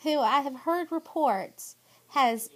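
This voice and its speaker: High-voiced, aggrieved woman. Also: takes it slowly, fairly bright tone. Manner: aggrieved, emphatic, pleading. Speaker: vlogger. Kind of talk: spoken personal statement.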